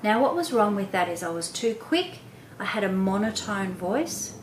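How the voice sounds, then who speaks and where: A woman's voice: medium pitch, very animated, moderate pace. A woman hosting an instructional talk for parents, speaking expressively and often varying her voice to demonstrate. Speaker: host, reading coach for parents. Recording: echoey room with faint noise.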